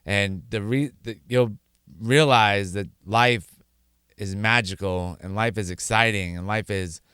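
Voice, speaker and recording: A man's voice: on the low side, unhurried, bright, forceful tone, clean tone, no echo, clean studio sound. A middle-aged man telling his own sobriety story in an earnest, rambling way, often restarting sentences and acting out quotes. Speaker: podcast host sharing his sobriety story. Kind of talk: candid personal monologue.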